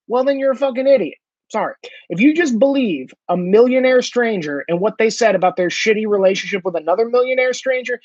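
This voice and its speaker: A man's voice: high voice, no room sound. A man hosting a ranting commentary monologue, profane and mocking, with a slightly dull lo-fi sound. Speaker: host.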